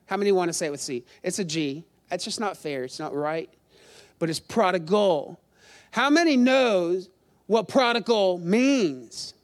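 Middle-aged guy preaching, pretty high voice, tells stories on himself, asks the crowd stuff. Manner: chatty, self-deprecating storytelling with crowd questions. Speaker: pastor. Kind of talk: sermon.

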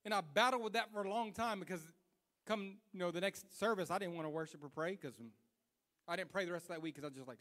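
A young adult man preaching a sermon, telling a personal story in an animated way that swings between hushed self-scolding and loud retelling. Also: high-pitched, fast talker, long reverb tail.

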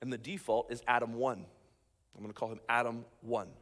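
A man, a pastor, preaching a sermon with animated emphasis, swinging between loud points and quiet asides. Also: mid-range voice, brisk. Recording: long hall reverb.

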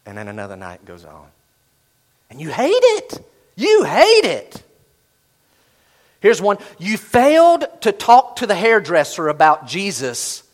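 A man preaching a sermon as pastor, swinging from loud emphasis to hushed asides and acting out quoted inner voices. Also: mid-range voice.

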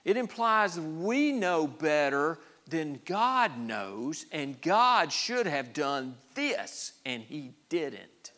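A man pastor preaching a sermon, emphatic, often repeating words and swinging from hushed to loud. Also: on the high side, big pitch swings, very slow, few pauses.

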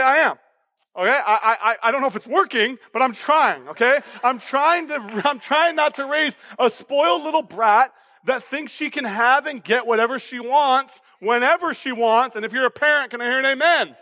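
High, bright-voiced pastor preaching. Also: male voice, in a large hall. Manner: energetic, keeps tagging lines with "okay?" and "all right?". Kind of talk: sermon. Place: church auditorium.

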